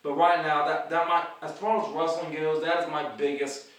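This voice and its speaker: A man's voice: on the high side, flat delivery, normal speed, a bit bright. A man hosting his own vlog, rambling about his wrestling goals, stumbling over words and restarting sentences, in a casual monologue. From the Carolinas. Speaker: independent wrestler and vlog host. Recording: echoey room, mic at a distance.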